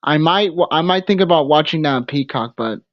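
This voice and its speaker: Halting young-sounding male stream host. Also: a little high, animated, no room sound. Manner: halting, restarts often, hesitant. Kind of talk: casual livestream chat. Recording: dull lo-fi stream audio.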